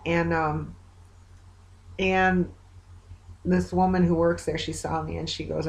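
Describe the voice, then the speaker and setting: Woman vlogger, lower voice, chatty diary talk, long rambling retellings full of fillers. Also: little pitch movement, slow, vocal fry. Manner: hopeful yet weary. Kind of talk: casual personal video diary.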